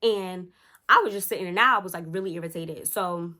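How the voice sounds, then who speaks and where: A young woman in her twenties, a vlogger telling a story in a chatty, animated way, talking straight to her viewers. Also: lowish voice, brisk. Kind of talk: casual storytime.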